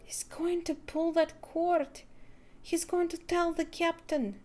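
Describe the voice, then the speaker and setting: A woman's voice: extremely high pitch, steady tone, slow pace, a little mellow, pitched above the performer's own voice. A woman reading as a scared runaway ballerina. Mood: fearful. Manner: reading game lines aloud, hesitant.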